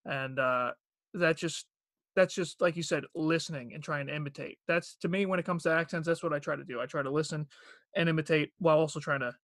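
A man, guest voice actor on a podcast, talking in a relaxed, rambling way full of fillers. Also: a little high, brisk, no echo, clean studio sound. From Long Island, New York. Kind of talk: casual podcast chat. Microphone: podcast microphone.

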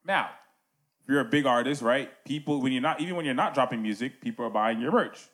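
A man's voice: mid-range voice, fast, fairly bright tone. A man hosting a casual music podcast, talking animatedly and checking in with "right?" asides.

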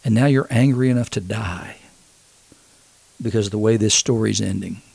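Gravelly-voiced man preaching a sermon. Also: on the low side, normal speed, darkish tone. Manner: conversational, earnest, acts out quotes.

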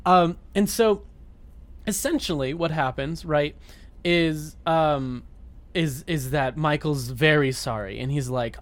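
A man's voice: on the high side, slow pace. A man co-hosting a podcast, recapping a movie in casual chat, giggly and rambling with many restarts. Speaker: podcast co-host.

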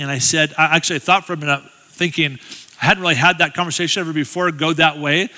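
A man's voice: fairly high pitch, fairly even intonation, fast, bright, forceful tone, big-room sound. A middle-aged man giving a guest sermon in a church, telling a story in a chatty, self-deprecating way with humorous asides. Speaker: guest speaker. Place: church sanctuary.

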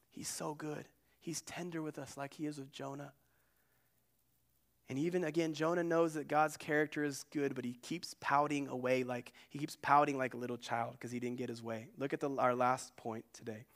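A male pastor preaching a sermon in an earnest way, moving between loud emphasis and hushed asides. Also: on the high side.

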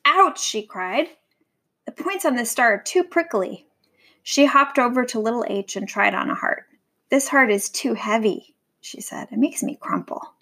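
A woman's voice: a little high, animated, normal speed, a bit bright. A woman voicing a small, fussy little girl letter in a read-aloud storybook, with a bouncy, childlike manner.

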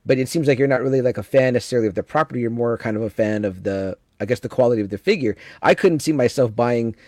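A man hosting a podcast in a relaxed, casual way, reading viewer comments aloud between questions. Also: medium pitch, fast talker, dry recording, clean studio sound. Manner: laid-back, reads viewer chat aloud, many fillers. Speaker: podcast host.

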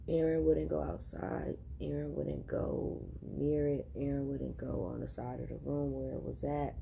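A woman's voice: sits low, flat delivery, a little slow, gravelly, noisy background. A woman hosting a podcast, telling a casual story straight to her listeners, chatty and laughing often. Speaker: podcast host.

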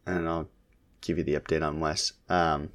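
A man in his thirties, a podcast co-host, casually chatting about his kids in a relaxed, rambling way with lots of fillers. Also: extremely low pitch, normal speed. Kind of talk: casual chat about family.

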